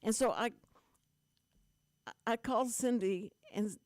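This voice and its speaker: A woman's voice: a little high, slow pace, darkish tone, no room sound, clean studio sound. An older woman, hosting a radio show and telling a long, rambling, self-deprecating story in casual chat.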